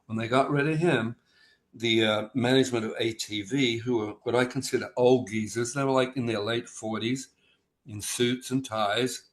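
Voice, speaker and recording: An older man talks over a video call as an interview guest. His voice sits in an ordinary middle pitch. He tells loose, rambling stories and acts out each exchange. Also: fairly even intonation, moderate pace. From Australia. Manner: rambling anecdotal, acts out dialogue with shifting voices. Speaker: musician guest. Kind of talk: casual interview storytelling.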